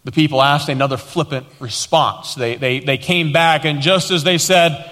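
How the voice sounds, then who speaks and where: A pastor preaching a sermon, a man with a somewhat high, bright and forceful voice. He hammers points through repetition and acts out quoted lines. The sound rings with long reverb, as in a large hall. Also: steady tone, moderate pace.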